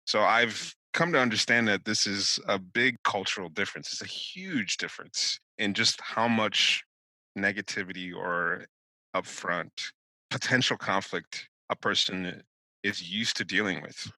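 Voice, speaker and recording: A man with a low voice that has a bright, forceful edge talks bluntly, working through his thoughts with restarts. He is recorded close on a dry studio mic with no room sound. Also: no echo, poor audio. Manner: blunt, thinks aloud with many restarts. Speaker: podcast co-host. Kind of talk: casual discussion.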